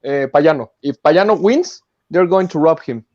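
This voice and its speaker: A man on a boxing talk panel, talking casually and haltingly, repeating words. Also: a little high, lively intonation, warm tone. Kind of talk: casual chat. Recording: dull lo-fi sound.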